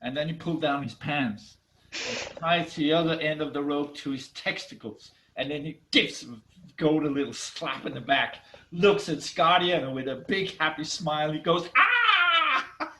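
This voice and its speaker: A man telling a myth in an animated, dramatic way, with halting restarts, over a video call. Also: a little high, slight background noise, poor audio. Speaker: storyteller. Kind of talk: myth storytelling.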